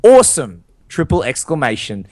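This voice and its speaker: A man's voice: fairly high pitch, wildly swooping pitch, moderate pace, darkish tone, no room sound, clean studio sound. A young man co-hosting a podcast, telling stories and reading listener reviews in an upbeat, enthusiastic way. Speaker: podcast co-host. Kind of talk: casual chat.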